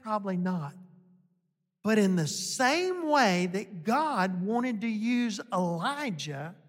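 Speaking in a mid-range, fairly bright voice, this pastor preaches at a slow, deliberate pace, folksy and emphatic. He drives his points home through repetition, frequently adding "right?", while long reverb suggests a large church sanctuary.

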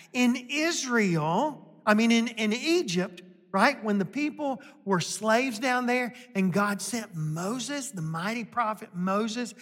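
Slow, emphatic pastor in a reverberant hall. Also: mid-range voice, fairly bright tone. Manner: emphatic and folksy, repeats points, often asks "right?". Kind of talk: sermon.

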